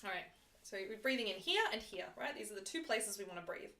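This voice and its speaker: Bright, lively woman opera singer chatting. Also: mid-range voice, fast, slight background noise. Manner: chatty, explains patiently, laughs easily. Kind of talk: casual explaining between sung demonstrations. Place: her apartment indoors.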